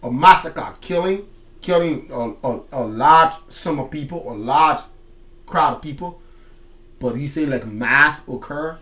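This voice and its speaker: Reacting to a song, a man explains its lyrics one line at a time, speaking casually with slang and bursting out loudly in excitement. He talks unhurriedly in a slightly high voice.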